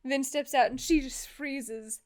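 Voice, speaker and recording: A woman narrating as game master of a tabletop game, lively and quick. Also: high-pitched, clean tone.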